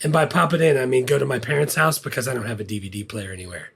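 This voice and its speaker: A man co-hosting a podcast in an easygoing, relaxed casual chat, a bit hesitant. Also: medium pitch, rapid-fire, gravelly, slightly rough. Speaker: podcast co-host.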